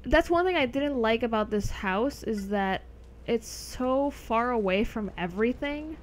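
A woman's voice: a little high, expressive, a little slow, a little hiss or hum. A young adult woman streaming a game, chatting casually with viewers, rambling and laughing often. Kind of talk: casual live-stream chat over gameplay.

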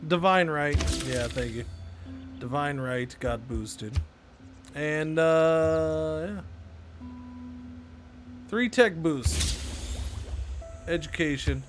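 A man's voice: on the high side, very slow, pauses often, over music. Chatty man streaming a strategy game. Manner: chatty, self-talking, sarcastic asides to chat. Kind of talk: casual live-stream gameplay commentary.

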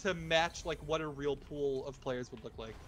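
A man with a slightly raised pitch, talking in a relaxed way during a group game. He chimes in with tips and explanations between jokes. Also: moderate pace, noisy background. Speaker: gamer on a group stream. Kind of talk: casual gaming chat.

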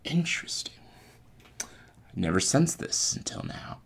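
A man voicing a menacing young male villain in a hushed, sinister whisper. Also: medium pitch, sing-song, a little slow, vocal fry, slightly rough, pitched above the performer's own voice, exaggerated voice.

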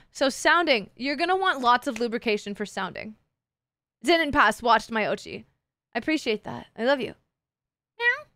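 A woman's voice: sits high, fairly bright tone, dry recording, studio quality. A woman streamer chatting casually with her live chat, playful and teasing, swearing freely. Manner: playful, crude, swears a lot, teases chat.

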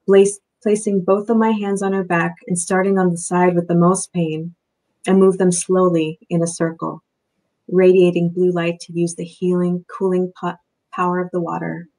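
Brief: a woman author with a low, gravelly voice, chatty and quick to laugh, heard over a video call. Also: flat delivery, dark tone. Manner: chatty, laughs often, full of fillers and restarts. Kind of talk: book reading and author Q&A.

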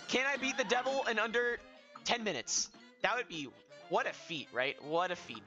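Excitable young man yelling over gameplay. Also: sits high, normal speed, pauses often. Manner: excitable, yelling, self-mocking. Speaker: gaming video host. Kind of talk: live let's-play commentary. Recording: dull lo-fi with game music behind.

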